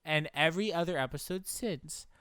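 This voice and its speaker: A man's voice: on the high side, normal speed, a bit bright, clear, resonant tone, dry recording, clean studio sound. A man on a podcast giving a hesitant, mild take on an episode. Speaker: podcast co-host. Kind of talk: casual podcast chat.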